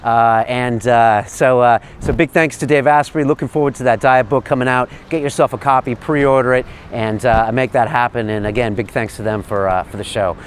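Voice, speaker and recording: A man's voice: medium pitch, steady tone, moderate pace, few pauses, a little hiss or hum. A man hosting a show, talking casually to the camera in a friendly, enthusiastic way with lots of "uh" fillers. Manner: loose, rambling, many "uh" fillers. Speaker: host.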